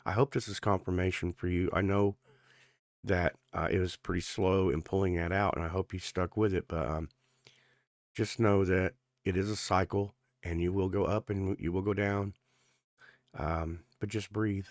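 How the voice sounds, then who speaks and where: A man with a very low voice talks through a tarot reading in a loose, earnest ramble, full of fillers and restarts. His speech comes out a bit thick because his gums are sore, and the sound is close and dry with no room around it. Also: steady tone, moderate pace, vocal fry, pauses often, no echo. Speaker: tarot reader.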